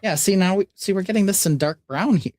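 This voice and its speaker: Male host, relaxed live-stream chat, talks through the build step by step, dry close sound. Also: high voice, fast, dry recording. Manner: easygoing, explains steps as he builds.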